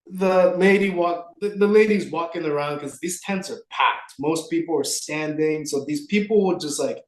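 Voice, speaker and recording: A young man tells a story on a podcast, animated and full of fillers. His voice sits a little high. It bounces around an echoey room. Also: normal speed. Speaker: podcast co-host. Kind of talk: casual storytelling chat.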